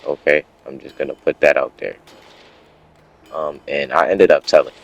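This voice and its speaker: A man's voice: very deep voice, normal speed, creaky, a little hiss or hum. A young man telling a story off the cuff to camera, rambling and profane, breaking off into asides and correcting himself. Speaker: storytime vlogger. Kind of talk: unscripted casual storytelling.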